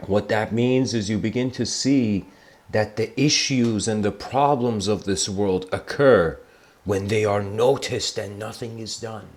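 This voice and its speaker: A man giving a livestreamed spiritual talk, telling stories reflectively and slowing down for emphasis. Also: lowish voice, darkish tone. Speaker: spiritual lecturer.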